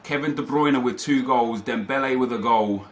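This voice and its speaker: A man's voice: mid-range voice, normal speed. A young man commentating live over his own gameplay, ranting in frustration to his viewers. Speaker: gaming YouTuber.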